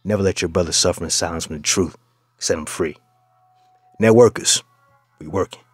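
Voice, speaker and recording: Mocking low-voiced male reaction host. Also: moderate pace, slightly rough, dry recording, faint music behind. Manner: mocking, addresses listeners as "fellas". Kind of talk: reaction commentary.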